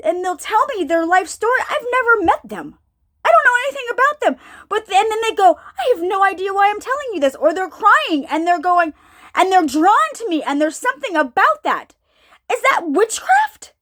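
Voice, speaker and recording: A woman preacher with a very high, animated voice that swoops up and down. She delivers an informal sermon in a searching way, repeating herself and putting questions to her listeners.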